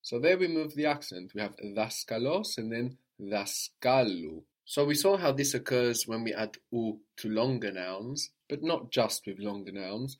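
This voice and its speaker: A man's voice: medium pitch, lively intonation, moderate pace, few pauses. A man teaching a language lesson, patiently prompting a student and repeating model phrases.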